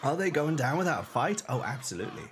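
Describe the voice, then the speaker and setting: A man's voice: on the high side, very animated, fast, background noise. A young man streaming a game, bantering and joking in rambling commentary. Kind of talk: live gameplay commentary.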